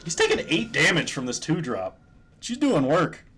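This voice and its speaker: Chuckling man with a lively voice. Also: on the high side, moderate pace, breathy edge. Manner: joking, chuckling often. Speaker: streamer. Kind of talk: casual gameplay commentary.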